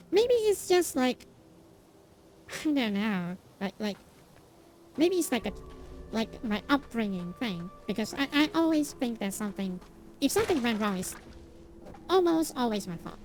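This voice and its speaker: A woman's voice: fairly high pitch, big pitch swings, normal speed, pauses often, darkish tone. A young woman streamer chatting casually while gaming, rambling and self-deprecating with lots of restarts and fillers, and laughing often.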